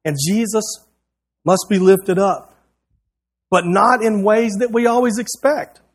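A man's voice: high voice, steady tone, measured pace. A man preaching a sermon, reading a prepared text aloud in an earnest, rhythmic way with a repeated refrain.

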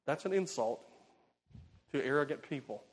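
Guy preaching a sermon, pretty high voice, gets loud then drops way down, really emphatic. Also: normal speed. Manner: animated, emphatic, swings loud and soft. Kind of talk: expository sermon.

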